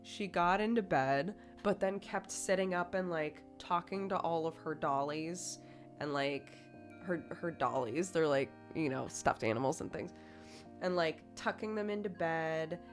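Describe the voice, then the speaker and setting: A woman streamer tells a story in a relaxed, rambling way, filling her sentences with "like" and laughing as she goes. Her voice sits a little low for a woman. Soft music plays faintly behind her. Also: unhurried. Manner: chatty, full of "like" fillers, laughs through the telling. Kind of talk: casual storytelling to a live stream chat.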